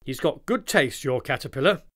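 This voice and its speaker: A narrator doing a soft-hearted dad. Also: medium pitch, expressive, normal speed, lightly acted. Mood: gentle.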